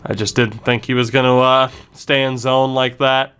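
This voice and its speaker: A man's voice: medium pitch, flat delivery, normal speed, fairly bright tone, clean tone. A man commenting on his own video game play, ranting and cursing at himself after mistakes. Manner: frustrated, swearing, self-blaming rants. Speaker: gaming streamer. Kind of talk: live gameplay commentary.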